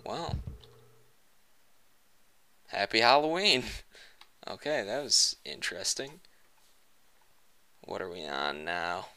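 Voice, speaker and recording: A young gaming commentator cracks jokes over a let's-play, going from muttering under his breath to sudden yelping shouts. His voice is low with big pitch swings, and he talks slowly with long pauses.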